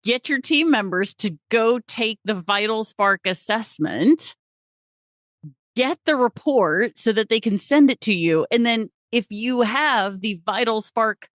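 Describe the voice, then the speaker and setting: A woman's voice: mid-range voice, no echo. Upbeat woman podcast host, dry sound. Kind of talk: casual podcast conversation.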